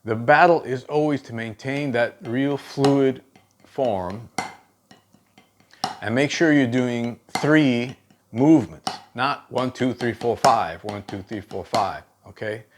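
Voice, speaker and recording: A man's voice: medium pitch, slow, noisy background. A man giving a drum lesson, counting beats aloud and often checking in with "okay". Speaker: drum instructor. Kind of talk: teaching drum technique.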